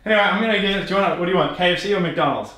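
A young man chatting excitedly in a casual vlog, rambling with lots of fillers, in a bedroom at home. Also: high voice, rapid-fire. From Australia. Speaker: prank vlogger. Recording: echoey room, faint noise.

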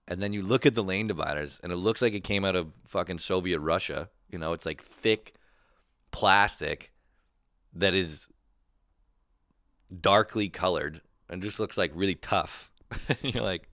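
A man hosting a comedy podcast, telling a profane, animated solo rant with quick voiced impressions. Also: sits low, no room sound, clean studio sound.

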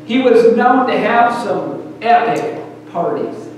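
High-voiced preacher in an echoey hall. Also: male voice, lively intonation. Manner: storytelling preacher, pausing often in short phrases. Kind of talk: storytelling sermon. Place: church sanctuary. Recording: echoey hall, distant mic, faint hum.

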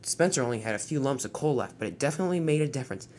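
Amateur storyteller with a lively pitch. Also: a little hiss or hum. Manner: plain, hurried, with slips and restarts. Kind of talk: amateur toy-train story narration.

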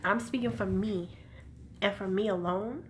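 A woman giving a casual spoken film review, excitable and profane, often exclaiming and acting out scenes. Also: medium pitch, unhurried, a little hiss or hum. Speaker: movie reviewer.

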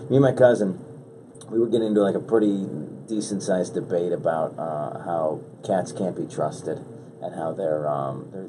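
A man hosting a podcast, chatting casually in a rambling, halting, joking way. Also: deep voice, warm tone, slight background noise. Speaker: podcast host. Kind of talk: casual chat.

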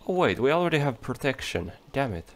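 A man giving relaxed, chatty commentary while playing a game, talking to the creatures on screen. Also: medium pitch, brisk, creaky. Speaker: let's play gamer. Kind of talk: casual gameplay commentary. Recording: faint game music behind.

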